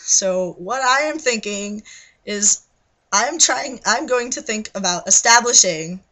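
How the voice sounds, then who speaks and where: A woman's voice: medium pitch, expressive, slow pace, sharp tone, poor audio. A young adult woman in her bedroom at night, ranting into her webcam in a scattered, agitated way and swearing often. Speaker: vlogger. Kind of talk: rambling webcam rant.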